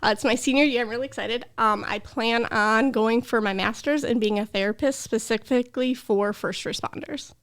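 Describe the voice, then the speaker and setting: A woman's voice: fairly high pitch, moderate pace, few pauses, fairly bright tone. A young adult woman, a podcast guest, earnestly telling a personal story with emotion. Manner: earnest, emotional, tearful at times.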